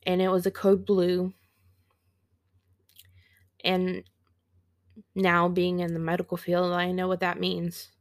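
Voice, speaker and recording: A woman in her thirties hosting a podcast, telling a personal story in a slow, halting, reflective way and sounding teary. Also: fairly low pitch, completely flat delivery, no echo, clean studio sound. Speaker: podcast host.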